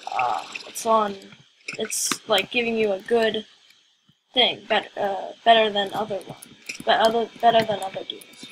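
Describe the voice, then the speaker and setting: A woman's voice: medium pitch, background noise. A woman giving casual let's-play commentary, rambling and questioning herself aloud as she plays. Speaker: gaming video creator.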